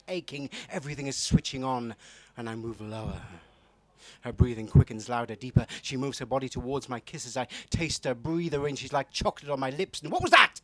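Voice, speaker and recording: A man from Newcastle with a soft northern English accent, performing a true-story poem to a live audience, hesitant with ums and dropping into a hushed, intimate reading. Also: medium pitch, no echo. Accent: soft northern English, not strongly Geordie. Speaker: comedy poet performer. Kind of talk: live spoken-word poetry performance.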